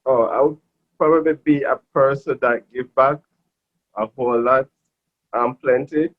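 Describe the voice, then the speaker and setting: A relaxed man in his forties answers interview questions in an easygoing, soft-spoken way, letting his sentences trail off. His voice sits at an ordinary middle pitch. The audio is dull and lo-fi. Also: a little slow. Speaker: interview guest. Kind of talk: casual interview.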